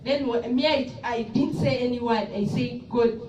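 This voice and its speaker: A woman giving an earnest, soft-spoken testimony at a church service. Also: on the high side, fairly even intonation, normal speed. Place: church hall in Abu Dhabi. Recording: echoey hall, mic far off, noisy.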